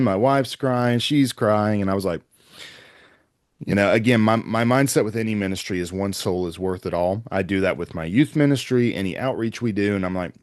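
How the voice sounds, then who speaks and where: A middle-aged pastor with a lowish voice tells his story in an interview, earnest and rambling, slipping into the lines of the people he met. The sound is dry and close, with no room around him. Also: no echo. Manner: earnest, rambling anecdotes with quoted dialogue. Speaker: pastor and evangelist.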